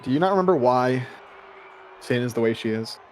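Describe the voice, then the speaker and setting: A man's voice: mid-range voice, animated, brisk, a little mellow, a faint crowd, a little hiss or hum. Exasperated man at a game table. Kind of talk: casual in-character banter.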